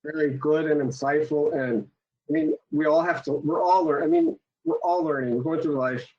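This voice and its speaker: A man's voice: fairly high pitch, lively intonation, darkish tone. Earnest man on a muffled call. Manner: halting, restarts, earnest. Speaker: guest speaker. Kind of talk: casual webinar talk.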